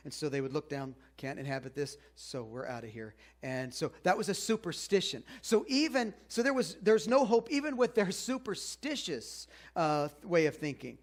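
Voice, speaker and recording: A man preaching a sermon in a casual, conversational way, asking the congregation questions as he goes. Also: on the high side. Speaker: pastor.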